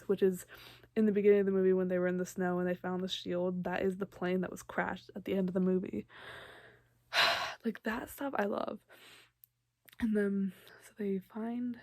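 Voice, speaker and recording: A woman's voice: mid-range voice, darkish tone, no echo. A young woman casually recapping a movie, filler-heavy and chatty, often acting out the characters' lines. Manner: chatty, lots of likes and ums, acts out quotes. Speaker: vlogger.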